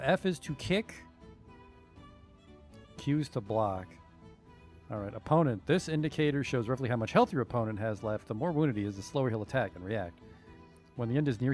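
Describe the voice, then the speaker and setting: A man's voice: medium pitch, a little mellow. A young man giving casual, joking, profane commentary while streaming a game, sometimes reading tutorial text aloud.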